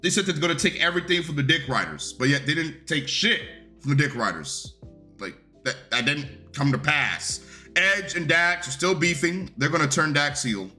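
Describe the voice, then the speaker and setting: Male wrestling reviewer, casual recap rant, blunt and profane, bright tense voice, slightly high register. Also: animated, moderate pace, faint music behind.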